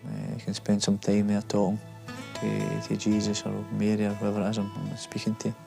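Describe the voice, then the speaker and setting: Football manager, archive interview, halting and flat with a dark rasp. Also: male voice, lowish voice, music in the background. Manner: hesitant, halting. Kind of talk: interview reflection.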